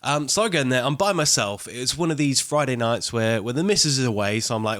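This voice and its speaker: A man's voice: mid-range voice, lively intonation, fast, a bit bright. A young man, co-hosting a casual film podcast and telling a wry story, acting out the voices of the people in it. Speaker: podcast co-host.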